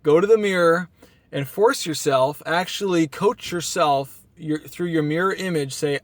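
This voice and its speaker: A man's voice: fairly high pitch, measured pace, no echo. A sleep-deprived man giving a casual motivational talk on a one-take vlog, earnest and rambling, psyching himself up. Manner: earnest, self-hyping, rambling with restarts. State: tired from no sleep. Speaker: motivational vlogger. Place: outdoors at a beach town. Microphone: camera mic.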